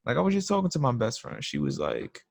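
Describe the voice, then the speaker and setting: A man's voice: medium pitch, wildly swooping pitch, fast, creaky, slight background noise. A young man hosting a live trading stream, talking in a blunt, slangy, emphatic casual rant.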